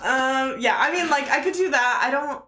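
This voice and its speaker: A woman's voice: high-pitched, moderate pace, bright, forceful tone, roomy sound, slight background noise. A woman co-hosting a casual podcast, chatty and giggly, with a lot of filler words. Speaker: podcast co-host. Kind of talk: casual chat.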